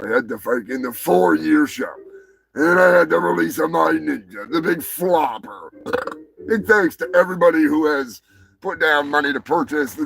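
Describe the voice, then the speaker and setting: A man hosting a live show, ranting crudely and swearing constantly, with bursts of shouting. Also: a little high, gravelly. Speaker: show host. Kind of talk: profane live-stream rant.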